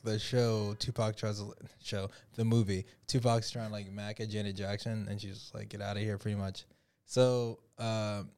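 A guest musician on a podcast talks casually in a lowish, slightly mellow, clean-toned male voice. He rambles through a story full of fillers and restarts.

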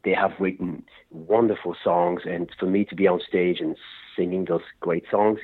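A man's voice: deep voice, steady tone, normal speed, husky. A man, a rock singer, talking in a rambling way and often laughing during a radio interview over the phone. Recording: tinny phone line.

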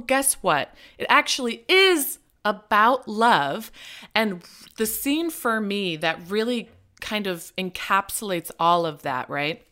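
A woman from Nebraska co-hosts a casual movie review podcast. Her voice is bright and sharp, and her delivery is enthusiastic and expressive. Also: mid-range voice. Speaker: podcast co-host.

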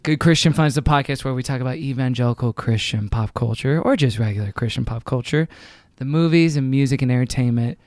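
A man's voice: mid-range voice, fast talker, hardly any pauses, a little mellow, dry recording, clean studio sound. A man hosting a comedy podcast, playful and joking, slipping into mock-sincere deliveries. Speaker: podcast host. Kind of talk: casual podcast banter.

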